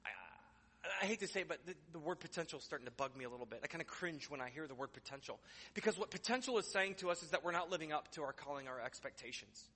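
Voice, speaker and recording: A man's voice: a little high, fast talker, pushed and bright, slightly rough, long reverb tail. A man preaching a sermon as pastor in a church, conversational and joking, building to emphatic declarations. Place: church sanctuary.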